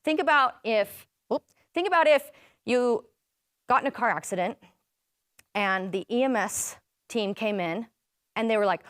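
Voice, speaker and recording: A woman leading a parenting workshop in a relaxed, conversational way, often turning questions back to her listeners and echoing their answers. Her voice sits a little high for a woman. The sound is close and dry, with almost no room echo. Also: fairly quick. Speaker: workshop presenter. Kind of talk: interactive parenting workshop talk.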